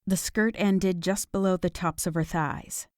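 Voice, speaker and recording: A woman reads a romance audiobook in a measured, even way, her voice sitting on the low side. It's scripted narration with clean studio sound and no room sound at all.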